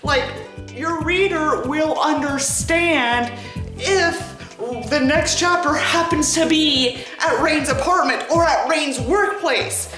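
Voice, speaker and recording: A woman host with a high-sitting voice and a slow pace delivers exasperated, sarcastic commentary on a bad book, swearing throughout. The recording has a roomy echo, with background music playing behind her.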